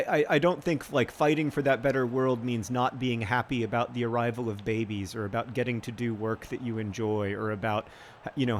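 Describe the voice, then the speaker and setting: A man hosting an advice segment while playing a football manager game, rambling and halting when reflective and bursting into loud, frustrated outbursts at the match. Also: medium pitch, a little hiss or hum. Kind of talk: casual commentary over gameplay.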